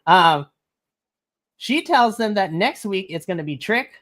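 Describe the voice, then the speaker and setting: A woman's voice: mid-range voice, unhurried. A woman co-hosting a wrestling podcast, recapping the show in casual chat and acting out the characters' lines. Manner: animated, laughs often, acts out characters in quotes.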